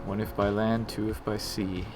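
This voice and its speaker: A man's voice: lowish voice, level tone, normal speed, music in the background. A man casually chatting on a live dev stream, self-deprecating and muttering to himself as he works. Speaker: game developer streaming his work.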